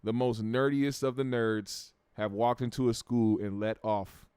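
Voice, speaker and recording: Unhurried and steady, this American livestream host has a mid-range, darkish voice that is clear and resonant, recorded with no room sound. He reads viewer comments aloud in a relaxed, foul-mouthed manner, repeating words while thinking.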